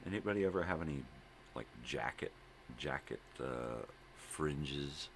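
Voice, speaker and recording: Very deep gravelly older man rambling. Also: expressive, fairly bright tone, slight background noise. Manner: slow, drifting, full of fillers and wordplay. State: drowsy from cold medicine. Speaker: vlog host. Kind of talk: rambling morning chat.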